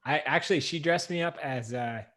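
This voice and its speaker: A man hosting a livestream chat over a video call from home, chatty and quick to laugh, often restarting his sentences. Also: a little high, fairly bright tone. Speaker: livestream host.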